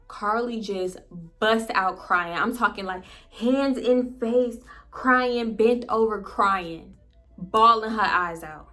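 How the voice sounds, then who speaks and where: A young woman, casually telling a story to her viewers and acting out her friends' lines in quick quotes. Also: mid-range voice, a bit bright. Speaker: storytime YouTuber.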